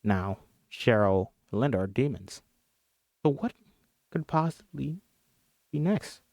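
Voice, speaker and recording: A man's voice: medium pitch, expressive, unhurried, darkish tone, no echo. Brief: casual male script reader, chatty and jokey, close dry mic. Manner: chatty, laughs, jokes and apologizes between lines. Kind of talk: casual script reading with commentary.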